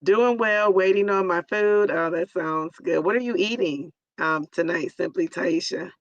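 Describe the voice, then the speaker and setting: A hoarse, raspy woman in her forties hosting a live stream, chatting casually and greeting viewers by name. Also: on the low side, measured pace, dry recording, highs cut off. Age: 40s.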